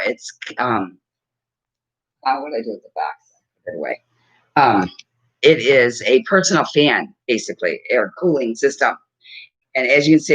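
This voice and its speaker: A woman's voice: rumbling low, fairly bright tone, slightly rough. A woman in her fifties chatting casually to camera at home, rambling and laughing often as she talks. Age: 50s. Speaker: vlogger. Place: at home with a dog. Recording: dull lo-fi recording.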